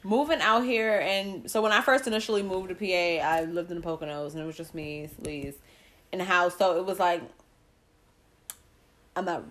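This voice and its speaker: A woman's voice: fairly low pitch, moderate pace, a bit bright, a little hiss or hum. A young woman from New York with a New York accent, chatting casually and acting out quotes with animation. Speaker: podcast co-host. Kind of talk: casual chat.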